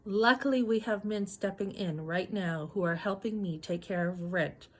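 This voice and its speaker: A woman's voice: fairly low pitch, normal speed, darkish tone, slight background noise. Indignant woman in her fifties. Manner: emphatic and indignant, acting out her own past words; holding back tears. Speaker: vlogger. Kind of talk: emotional personal vlog.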